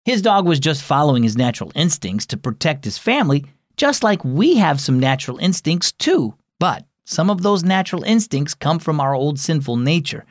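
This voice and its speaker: Animated male kids' devotional host. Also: fairly high pitch, normal speed, hardly any pauses, no echo, studio quality. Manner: animated, friendly storyteller. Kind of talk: scripted storytelling narration.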